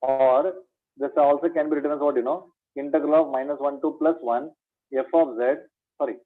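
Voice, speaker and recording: Heard through narrow, tinny audio, a man with a slightly high voice teaches maths exam revision in a steady tone and at a fairly quick pace. He often restates key points, asks rhetorical questions, and calls the students "my dear."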